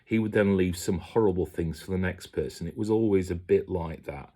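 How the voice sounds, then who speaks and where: Recalling his days cooking in kitchens, a chef tells stories casually and chattily, frequently mimicking people in quotes. He speaks a little fast in a low, warm voice.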